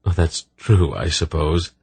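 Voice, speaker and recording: A man's voice: very deep voice, a little slow, a little mellow, husky, no room sound, exaggerated voice. A man doing a wry, worldly spy.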